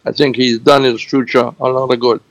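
A man presenting cricket scores on a radio show, halting, with many fillers, repeating figures slowly. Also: medium pitch, flat delivery, dry recording, rough recording. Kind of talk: radio sports news segment.

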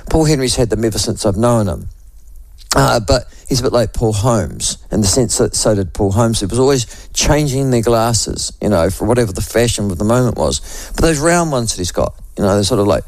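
Hoarse older New Zealand man on radio. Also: on the low side, expressive, fairly quick, darkish tone, no room sound. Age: 60s. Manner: rambling and chatty, with many restarts. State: hoarse from a cold. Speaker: radio host. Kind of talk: talk radio monologue. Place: radio studio.

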